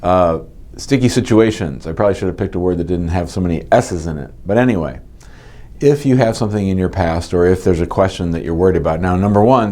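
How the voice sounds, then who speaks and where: A man working as an immigration lawyer, explaining advice in a video. He over-enunciates his words slowly and his S sounds come out slightly stuck. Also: low voice, a little mellow.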